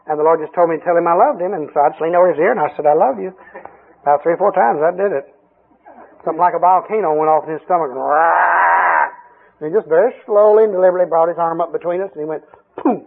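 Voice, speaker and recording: A man preaching a sermon, telling folksy stories with frequent chuckles, in a husky voice. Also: fairly high pitch. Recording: tinny lo-fi radio broadcast.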